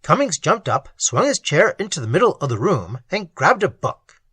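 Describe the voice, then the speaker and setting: A man narrating an audiobook in a dramatic, expressive way. His voice is husky, a bit higher than average, and swings widely in pitch. The recording is dry and close, with no room sound. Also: normal speed, dry recording. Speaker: audiobook reader.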